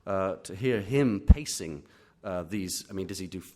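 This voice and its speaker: English male critic, lowish voice, halting live Q&A delivery in an auditorium. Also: expressive, a little mellow. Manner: hesitant, many fillers and restarts. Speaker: literary critic speaking to an audience. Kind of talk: live Q&A at a reading.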